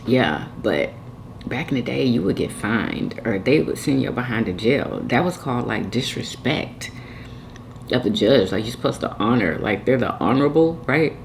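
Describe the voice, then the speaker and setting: A woman's voice: rumbling low, expressive, moderate pace, gravelly, darkish tone, a little hiss or hum. A woman hosting a mukbang, chatting and commenting while eating, talking straight to her viewers with lots of "y'all". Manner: talks straight to viewers, says "y'all" a lot, laughs. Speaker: mukbang host.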